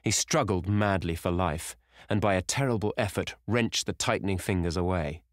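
A man reading a classic novel aloud as an audiobook, in measured, grave narration. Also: sits low, dry recording, clean studio sound.

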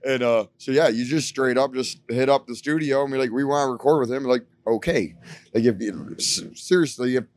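A man from Detroit chatting in a casual interview, telling stories in a rambling, animated way with lots of fillers. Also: medium pitch, moderate pace, no echo. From Detroit, USA. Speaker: band frontman interviewed. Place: bar venue backstage.

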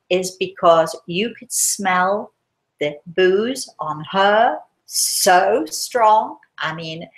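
An English woman, a spiritualist medium, telling a story live and dropping to a hushed, gentle voice when quoting herself. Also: lowish voice, poor audio.

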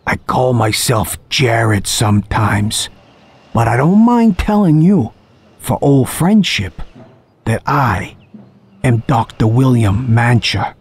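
A man's voice: medium pitch, sing-song, slow pace, husky, full character voice. A man voicing a mad, genial middle-aged male doctor who drifts between cheer and menace, in an audiobook. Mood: confiding. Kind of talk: audiobook character voice. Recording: faint music underneath.

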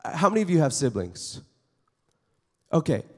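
A man giving a conversational chapel sermon to students, acting out everyday scenes with quick quoted voices. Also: a little high, very animated, a little mellow. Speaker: chapel speaker. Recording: long hall reverb in a chapel.

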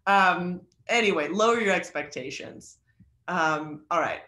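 Guy running a zoom writing class, bright forceful voice, kinda high, echoey room, jokey and rambly. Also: a little slow. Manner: chatty, joking, filler-heavy. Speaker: creative writing instructor. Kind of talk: online class lecture. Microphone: video call.

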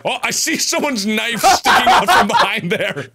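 A man streaming a multiplayer game with friends, loud and teasing, laughing and yelling often. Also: high-pitched, big pitch swings, normal speed, very noisy. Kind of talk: excited multiplayer gaming chatter.

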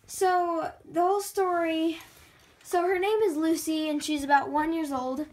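A young woman vlogging casually at home in a chatty, excitable way, often quoting what others said. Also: very high-pitched, unhurried. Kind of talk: casual vlog chat to camera.

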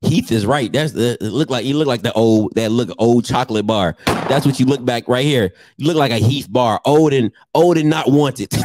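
A man's voice: mid-range voice, moderate pace, a little mellow, slight background noise. A man vlogging casual comedic roasts of his commenters, teasing and laughing often.

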